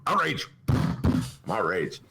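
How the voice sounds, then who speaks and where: A man's voice: lowish voice, big pitch swings, slow pace, background noise. A man with a Chicago accent hosting a podcast, ranting with theatrical mock outrage about local politics. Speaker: podcast host. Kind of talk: comic political rant. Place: home studio.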